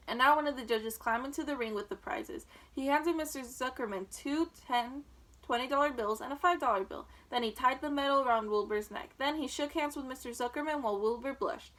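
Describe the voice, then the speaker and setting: A woman reading a children's book aloud with clear, expressive storytelling. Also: sits high, a little fast, poor audio.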